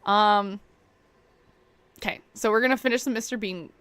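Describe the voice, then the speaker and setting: A woman's voice: mid-range voice, moderate pace, a bit bright, smooth, no room sound. A woman streaming a game and chatting casually, jumping between stories, laughing at herself, with lots of "like" and "um". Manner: rambling, jumps between stories, many fillers; laughs at her own stories.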